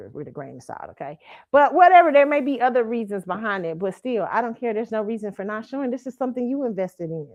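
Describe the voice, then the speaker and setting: A woman's voice: mid-range voice, highs cut off. Blunt, profane woman hosting a chat stream. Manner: blunt and profane, laughs often, keeps asking "okay?". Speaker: show host. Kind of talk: casual pop-culture commentary stream. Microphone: streaming setup mic.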